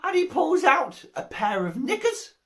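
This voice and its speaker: A woman's voice: high voice, sing-song, unhurried. A woman giving a comic Christmas speech, telling a rambling joke and giggling at her own lines. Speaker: comic storyteller.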